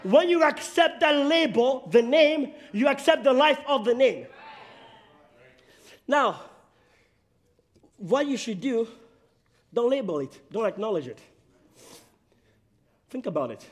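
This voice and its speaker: High-voiced preacher man shouting. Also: animated, slow, pauses often. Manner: emphatic, shouting for emphasis. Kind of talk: sermon.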